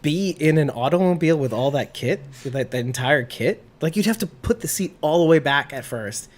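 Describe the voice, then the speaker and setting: A woman co-hosting a podcast, talking in a low voice that swings widely in pitch. She chats casually and animatedly, slipping into jokey rants. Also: animated, fairly quick, a little mellow. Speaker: podcast co-host. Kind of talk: casual chat.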